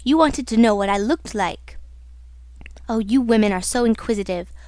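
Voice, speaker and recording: A disfigured, tormented man of a gothic storybook, mocking one moment and crying out in anguish the next, as a woman reader puts him on. The voice sits fairly high and sounds dry and close. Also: normal speed, dark tone, no echo, close to an everyday voice. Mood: mocking, bitter. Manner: alternates mocking taunts with anguished cries. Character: disfigured tormented man, raging and self-pitying. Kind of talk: audiobook reading.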